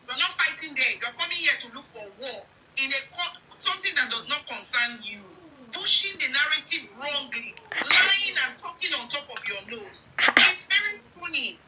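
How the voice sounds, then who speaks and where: A woman's voice: sits high, expressive, moderate pace, far from the mic, heavy background noise. A Nigerian woman co-hosting a heated commentary chat, firing off indignant rhetorical questions.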